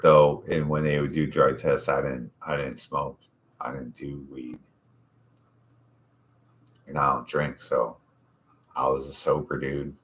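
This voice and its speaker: Very deep-voiced man telling rambling stories. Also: pushed and bright. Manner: profane, rambling storyteller. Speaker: podcast host. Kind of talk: casual chat.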